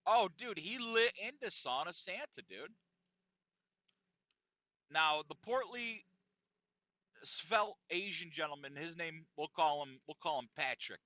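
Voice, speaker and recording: A man's voice: fairly high pitch, a little slow, pauses often, no room sound. A man hosting a podcast, telling a story casually with lots of profanity and laughter, on a dull, lo-fi, dry recording. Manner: animated, profane, laughing often. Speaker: podcast host.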